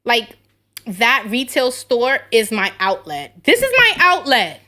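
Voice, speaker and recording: Brash, bright-voiced woman host. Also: fairly high pitch, takes it slowly. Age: 30s. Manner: brash, profane storytelling with animated quoted voices. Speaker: podcast host. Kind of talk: casual chat.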